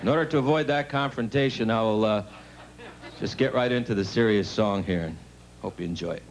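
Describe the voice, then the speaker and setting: A man doing a stand-up comedy monologue in a TV studio, telling rambling deadpan stories with asides to the audience. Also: on the low side, fairly quick, noisy background. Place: TV studio stage with live audience.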